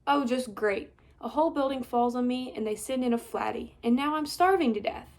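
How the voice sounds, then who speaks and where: A woman voicing a grumpy, sarcastic schoolgirl who talks loudly and snappishly. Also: brisk. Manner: loud, high, snappy and complaining.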